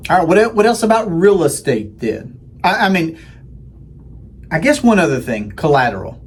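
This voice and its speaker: A man's voice: fairly high pitch, big pitch swings, normal speed, slightly rough. A man hosting a casual round-table chat, talking in a folksy, rambling way with frequent restarts. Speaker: host.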